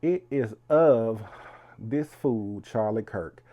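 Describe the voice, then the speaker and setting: A man's voice: lowish voice, sing-song, slow pace, lo-fi sound. A man hosting his own channel, talking to viewers in a chatty, casual way. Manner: chatty, keeps calling viewers "y'all". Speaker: host. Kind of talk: casual video commentary.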